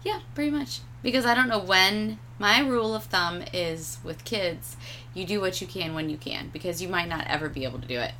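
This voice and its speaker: A woman co-hosting a casual chat, laughing often and trailing off softly at the ends of lines. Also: lowish voice, fairly quick, a little hiss or hum. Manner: laughs often, drops soft and quiet at line ends. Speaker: podcast co-host.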